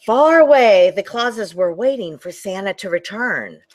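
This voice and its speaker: A woman librarian reading a picture book aloud to children, animated and talking to them directly. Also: mid-range voice, unhurried. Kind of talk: children's storytime read-aloud.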